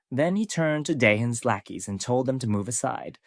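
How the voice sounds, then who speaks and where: A man narrates a scripted story recap, telling it steadily. His pitch is lively and moves a lot. The recording is dry and close, with no room sound. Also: moderate pace, dry recording.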